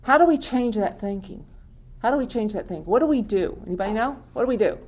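A woman's voice: on the high side, lively intonation, quick pace, darkish tone. A woman speaking at a recovery meeting, talking informally to a group, asking them questions and laughing often. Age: adult with many years in recovery. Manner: conversational, quizzes the audience, laughs often.

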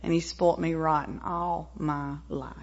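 A woman in her forties with a Southern American accent, frankly telling her personal story at a recovery meeting, with pauses and wry asides. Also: deep voice, little pitch movement, creaky. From American South, Tennessee-Mississippi line. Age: 40s. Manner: frank, plainspoken, with fillers and wry laughs. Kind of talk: personal testimony. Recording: dull lo-fi recording.

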